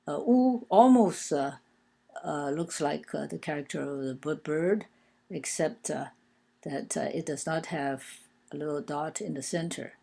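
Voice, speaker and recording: A woman teaching a language lesson, explaining written characters one by one in a patient, hesitant way with frequent pauses and filler sounds. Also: sits low, gravelly, mellow.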